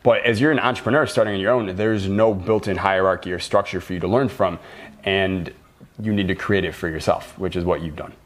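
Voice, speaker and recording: A man's voice: sits low, fairly even intonation, brisk. A man hosting a casual podcast conversation as a business mentor, talking bluntly and swearing freely.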